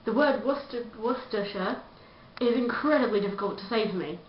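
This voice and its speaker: A woman's voice: fairly high pitch, expressive, fairly quick, slight background noise. A woman, vlogging a chatty, self-mocking rant to camera. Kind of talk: casual comedic rant to camera. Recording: dull lo-fi echoey room sound.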